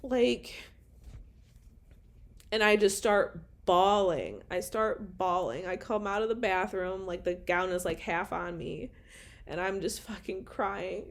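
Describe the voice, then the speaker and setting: A woman's voice: mid-range voice, slow, vocal fry. Emotional young woman telling a story. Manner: emotional, candid, swears often. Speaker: vlogger telling a personal story. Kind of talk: casual storytime monologue.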